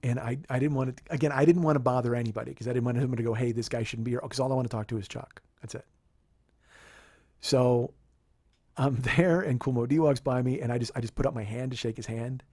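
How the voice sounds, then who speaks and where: A podcast host telling a comedic story in an animated, profane, rambling way. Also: male voice, mid-range voice, fast, slightly rough, no room sound, clean studio sound.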